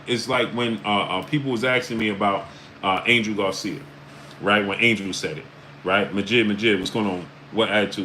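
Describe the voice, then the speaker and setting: Bright-voiced man chatting on a livestream. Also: lowish voice, slight background noise, poor audio. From New York area. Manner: repeats "right?" and "uh" often, shouting out chat names. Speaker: livestream host. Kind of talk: casual live-stream commentary. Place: New York.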